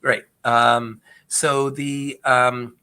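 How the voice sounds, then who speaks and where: A man's voice: mid-range voice, level tone, extremely slow, bright, forceful tone, clear, resonant tone. A man from a government agency answering questions about fraud in an earnest, explanatory way, often restarting his sentences. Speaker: agency speaker on investor fraud. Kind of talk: conversational Q&A presentation.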